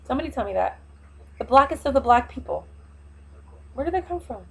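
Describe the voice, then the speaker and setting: A woman talks straight to her viewers in a rambling, impassioned vlog. Her voice is husky and sits a little high. She speaks emphatically, pressing hard on her opinions. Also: animated, brisk, a bit bright, low-quality recording. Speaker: vlogger. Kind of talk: impassioned casual monologue.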